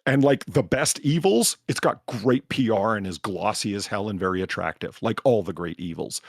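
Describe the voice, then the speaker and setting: Gravelly man ranting on a livestream. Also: low voice, moderate pace, few pauses, dry recording, clean studio sound. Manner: profane, emphatic ranting. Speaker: podcast host. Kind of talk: livestream talk show.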